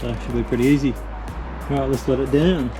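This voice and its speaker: A man's voice: medium pitch, steady tone, fast talker, loud music behind the voice, rough recording. A man talking casually and practically while pulling an engine out in a workshop. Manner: matter-of-fact, practical.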